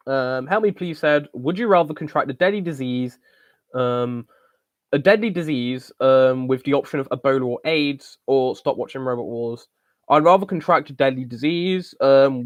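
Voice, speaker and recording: A man's voice: mid-range voice, dry recording, highs cut off. A young man from the UK hosting a casual live-stream Q&A, rambling with lots of ums and joking bluntly. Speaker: channel host answering viewer questions.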